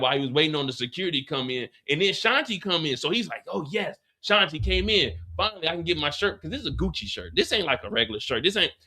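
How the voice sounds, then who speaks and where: A man hosts a live TV after show and recaps an episode with animated, profane energy. His voice sits high and bright. He stammers through restarts as he pushes his points.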